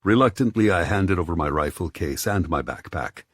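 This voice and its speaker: A very low, husky male voice reads a first-person story in measured, even steps. It sits dry and close to the mic, with nothing around it. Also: no room sound. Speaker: audiobook narrator. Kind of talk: scripted first-person narration.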